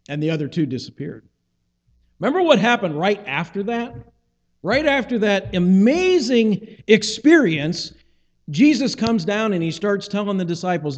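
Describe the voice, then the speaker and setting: This pastor's voice is high, a little mellow, and lively in intonation, moving at a normal speed. He preaches conversationally, voicing the characters' lines from scripture as he retells them, and the muffled recording has a big-room sound.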